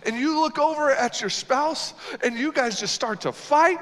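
A male pastor preaching a sermon in a church, emphatic, swinging between loud exhortation and quiet earnest lines. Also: very high-pitched, normal speed. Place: church sanctuary. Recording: long hall reverb.

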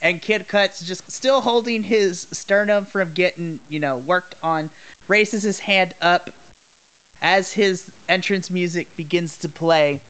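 A man's voice: sits high, slow, a bit bright, clean tone. A man running a tabletop wrestling role-play as game master, narrating casually.

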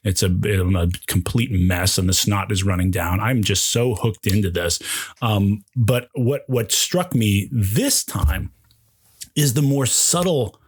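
A husky-voiced man in his forties hosts a casual film discussion. He speaks effusively and with open emotion, his sentences tumbling over restarts as his enthusiasm runs ahead of him. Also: fairly low pitch, a little slow. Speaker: podcast host.

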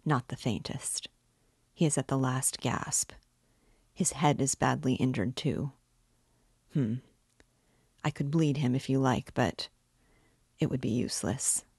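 A woman reading aloud, voicing a precise, mistrustful little old male doctor who speaks quietly and bluntly. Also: a bass voice, unhurried, gravelly, pauses often, slightly rough, no echo, clean studio sound, heavily acted. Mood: grim. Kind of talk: audiobook reading.

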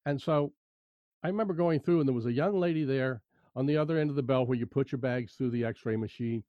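A man in conversation, telling an animated personal anecdote about work attitude, often repeating key phrases. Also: mid-range voice, fast, no room sound. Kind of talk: conversational storytelling. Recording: dry, muffled lo-fi sound.

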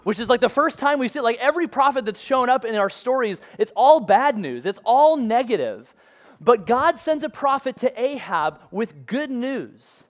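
A man's voice: extremely high pitch, lively intonation, moderate pace, hardly any pauses, a bit bright. A male pastor preaching a sermon in a casual, conversational way, using modern comparisons.

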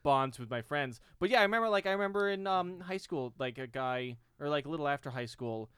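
New guy on a podcast, kinda high voice, smooth and clear, dry sound, self-mocking. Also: no room sound. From New York. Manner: animated, self-mocking, quick restarts. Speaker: podcast guest. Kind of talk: casual podcast chat.

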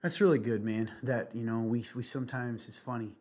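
A man's voice: mid-range voice, a little fast, a little mellow. A man, a pastor, talking in a casual church podcast in an earnest, rambling way and laughing often.

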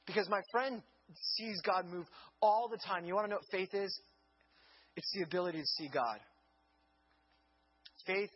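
Husky high-voiced preacher man. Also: dull audio. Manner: earnest storytelling, rising to emphatic questions. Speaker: pastor. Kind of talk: sermon.

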